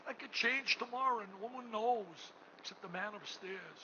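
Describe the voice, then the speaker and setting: At a gala in a hotel ballroom, an older, high-voiced man hosting the event delivers an emotional fundraising speech at a moderate pace. His lines alternate between booming, almost shouted moments and hushed ones. The sound is muffled, with constant room noise in the background.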